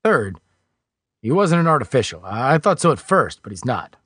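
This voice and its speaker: A commanding scholar who lays out his points firmly, one by one, as a male narrator voices him. The voice is slightly husky and the sound is dry. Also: mid-range voice, big pitch swings, fairly bright tone, no echo. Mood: stern. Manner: firm, measured.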